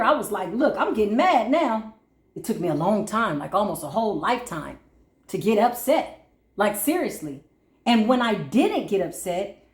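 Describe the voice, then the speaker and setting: A woman doing a spiritual card reading who talks like a preacher one moment and drops into quiet asides the next, calling her listeners baby and boo. Her voice sits a little high. The room around her is audibly echoey. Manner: emphatic, colloquial, calls listeners baby and boo; swings between preachy intensity and quiet asides. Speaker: spiritual reader. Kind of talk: casual spiritual pep talk during a card reading.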